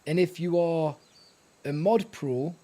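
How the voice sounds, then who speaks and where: A man's voice: on the high side, slow, mellow. A man streaming a survival game live, chatting to himself and his viewers in a rambling, self-mocking way. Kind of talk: live gameplay chat.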